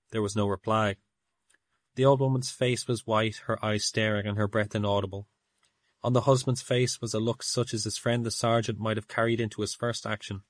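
A man narrating an audiobook in a measured storytelling manner. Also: on the low side, steady tone, no room sound. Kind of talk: audiobook reading.

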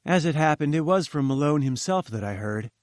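A man's voice: on the high side, lively intonation, dry recording. Man narrating a story in a dry voice. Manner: measured and formal storytelling. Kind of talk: audiobook narration.

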